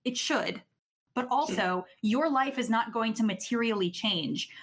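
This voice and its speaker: Earnest woman with a slightly high voice. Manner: earnest, thoughtful, halting with restarts. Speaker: podcast co-host. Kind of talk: casual podcast chat.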